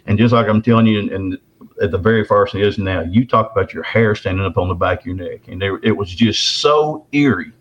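A man's voice: fairly low pitch, a little fast. An older man from the Texarkana area, telling a long story in a casual, folksy way and often repeating and restarting his words. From Texarkana area, southern US. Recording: dull lo-fi recording.

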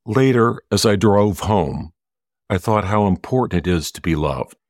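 A middle-aged man telling a personal story in a slow, measured, earnest way. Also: lowish voice, animated, darkish tone, no echo, clean studio sound. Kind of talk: personal story told to an audience.

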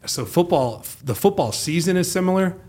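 Husky man telling a story with gusto. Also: sits high, moderate pace. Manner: animated storyteller who acts out quoted speech, swears casually. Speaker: guest, former pro football player. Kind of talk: casual storytelling podcast chat.

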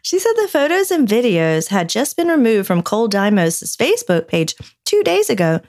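A woman's voice: a little high, sing-song, normal speed, darkish tone. A woman co-hosting a podcast who reads news stories aloud and teases her co-host, laughing often. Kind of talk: casual chat and reading news aloud.

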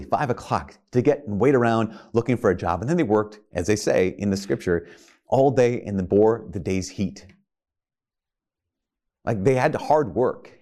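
A man's voice: on the low side, mellow. A man preaching a sermon, earnest, asking his listeners rhetorical questions and often restarting his sentences. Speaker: priest.

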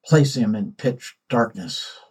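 A man voicing an arrogant young king who mocks, threatens and shouts. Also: mid-range voice, expressive, takes it slowly, husky. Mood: angry, mocking.

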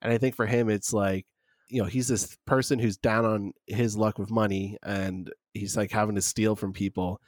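A man casually discussing an old film with a co-host, relaxed and full of filler words. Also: on the low side, moderate pace, no room sound, studio quality.

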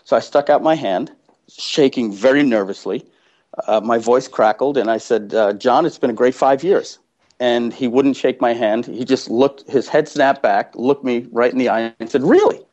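A man telling a personal story as a guest, animated and full of restarts, acting out the people he quotes. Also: medium pitch, normal speed. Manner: animated, acts out quoted voices, many restarts. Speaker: guest entrepreneur. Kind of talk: casual storytelling. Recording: dull lo-fi sound.

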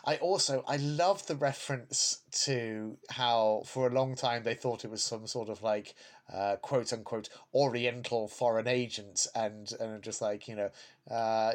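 A man's voice: mid-range voice, lively intonation, a little slow. A man co-hosting a podcast in casual chat, hesitant, often stumbling over and repeating his words. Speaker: podcast co-host.

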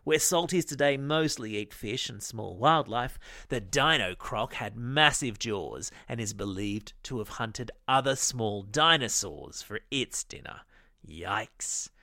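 Aussie guy reading kids news, bouncy and jokey, lots of pitch swing, dry studio sound. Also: expressive, slow pace, bright, forceful tone, no echo. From Australia. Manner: playful, upbeat, jokey asides. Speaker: news podcast host for kids. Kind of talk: scripted news narration for kids.

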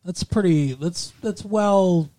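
A man's voice: high-pitched, slow pace, warm tone. A man co-hosting a podcast, chatting casually about a TV show with jokes and some swearing. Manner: joking, wisecracking, swears. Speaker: podcast co-host. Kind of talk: casual chat reviewing a TV show.

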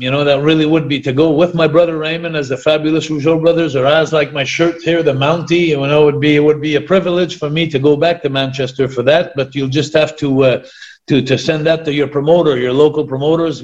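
In a muffled recording, a former pro wrestler talks loosely as an interview guest, full of false starts and filler words. He's a native French speaker from Quebec with a French Canadian accent, and his slightly high voice moves fairly quickly with fairly even intonation.

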